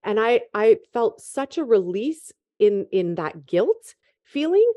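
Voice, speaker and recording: A woman's voice: fairly high pitch, very animated, takes it slowly, highs cut off. A woman hosting a conversational interview, affirming her guest and talking about purpose in an encouraging way. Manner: affirming, encouraging, spiritual talk. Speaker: podcast host.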